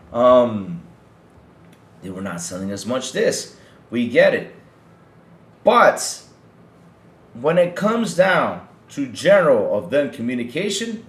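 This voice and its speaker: A man's voice: medium pitch, roomy sound. A man hosting a livestream podcast, ranting heatedly to his chat and often repeating himself. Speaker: podcast host.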